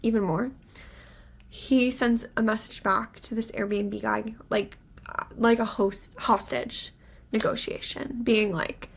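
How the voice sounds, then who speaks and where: Young woman podcast co-host, chatty and a bit high-voiced, spins a story with lots of "like" and acted-out quotes. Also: normal speed, husky. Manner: animated storyteller, acts out quotes, many "like" fillers. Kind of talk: casual chat, storytelling.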